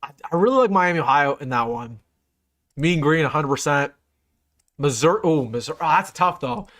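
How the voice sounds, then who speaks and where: A young man hosting a live sports stream, rattling off bowl game picks in casual, excitable talk and often repeating himself for emphasis. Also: a little high, brisk. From United States. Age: young adult. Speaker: sports channel host.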